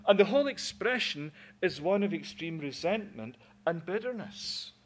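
A man's voice: on the high side, very animated, normal speed. A man preaching a sermon in an earnest way, often repeating words as he builds a point.

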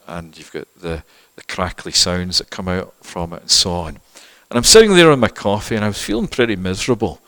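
A middle-aged male pastor giving a sermon, moving from quiet conversational asides to loud, fervent preaching. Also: on the low side. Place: church. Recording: reverberant church hall.

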